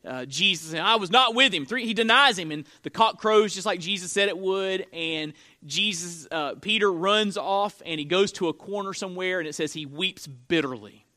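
A man's voice: high-pitched, moderate pace, pushed and bright. A man preaching a sermon, telling Bible stories with earnest, dramatic emphasis. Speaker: pastor.

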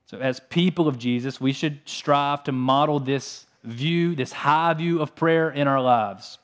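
A man delivers a sermon in an earnest, steady manner. His voice sits a little on the high side for a man. He moves between reading scripture aloud and explaining it plainly to a congregation. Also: measured pace. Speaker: preacher.

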